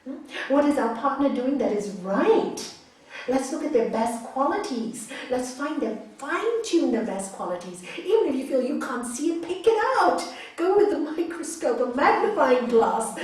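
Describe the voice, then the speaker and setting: A woman's voice: high voice, big pitch swings, normal speed, a little mellow. A woman yoga teacher giving an emphatic spiritual talk, repeating phrases and checking in with her listeners. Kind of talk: spiritual talk answering audience questions. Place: large hall. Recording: echoey hall, mic far off.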